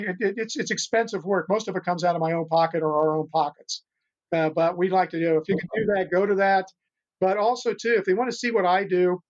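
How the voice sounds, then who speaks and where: Heard through dull, muffled lo-fi sound, this older male guest is an animal rescuer sharing stories in an interview. His high voice wanders earnestly, and he keeps starting his sentences over.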